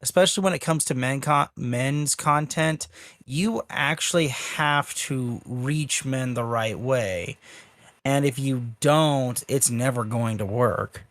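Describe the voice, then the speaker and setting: A man chiming in on a debate in a measured way. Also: mid-range voice, fairly bright tone, no room sound. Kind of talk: debate panel comment.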